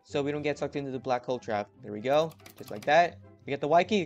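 High voice, young man, energetic game commentary, faint background music. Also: quick pace, hardly any pauses, no echo, dull audio. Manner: energetic, talks to viewers, hypes himself up. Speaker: gaming video host. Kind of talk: excited gameplay commentary.

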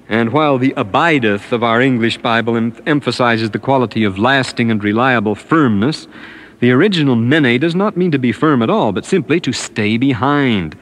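A middle-aged man gives a formal radio lecture from the 1950s, speaking in a scholarly way. He leans hard on key words and reads long scripture passages with emphasis. His voice sits at an ordinary male pitch. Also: fairly bright tone.

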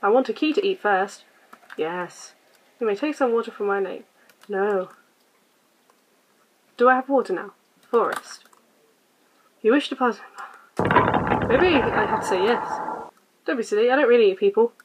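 A woman hosting a casual let's-play, quietly reading game text aloud and muttering her choices. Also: a little high, a little slow, long pauses, a little hiss or hum, rough recording. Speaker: gaming channel host.

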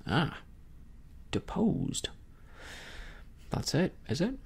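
A storyteller voicing a cunning, scornful old male pirate captain in a slow, contemptuous whispered role-play. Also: mid-range voice, very animated, gravelly, husky, pitched above the performer's own voice, full character voice. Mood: mocking.

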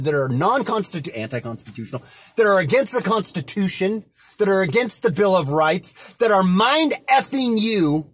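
A man's voice: high voice, husky, no room sound. A man delivering a heated, profane rant from inside a car, often repeating himself. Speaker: vlogger. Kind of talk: angry ranting monologue.

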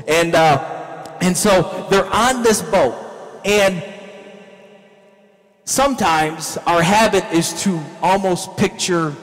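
A male pastor preaching a sermon in a church, with animated storytelling that acts out scenes. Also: sits high, in a large hall, poor audio.

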